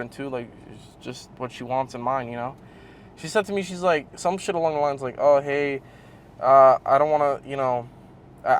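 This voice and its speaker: A young man telling a casual, rambling story for his fitness vlog. He swears often and gets animated as he talks. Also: mid-range voice, slight background noise. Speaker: fitness vlogger.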